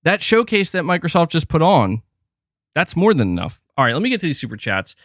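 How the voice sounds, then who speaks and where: Profane ranting man, lively high voice. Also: fairly quick, no echo, studio quality. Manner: profane, exasperated ranting with many repeats. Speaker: gaming commentary streamer. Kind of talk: ranting livestream commentary.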